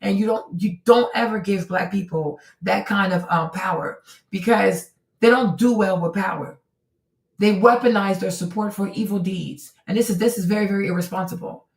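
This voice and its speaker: A woman's voice: medium pitch, normal speed. Emphatic woman streamer, roomy distant sound. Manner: emphatic, rhetorical, repeats phrases for effect. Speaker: host. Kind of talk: opinionated commentary stream.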